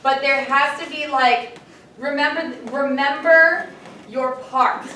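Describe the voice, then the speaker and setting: A woman directing a play rehearsal, talking animated and acting out the lines as she explains them, with lots of "like". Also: high voice, takes it slowly, a little hiss or hum. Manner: animated, acts out lines while explaining, many "like"s. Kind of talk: rehearsal coaching. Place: theater or school auditorium. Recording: echoey hall from far off with crowd.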